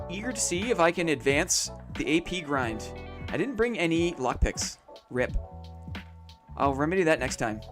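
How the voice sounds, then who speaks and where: A man chatting casually on a late-night game live stream, thinking aloud and repeating phrases to himself. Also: on the high side.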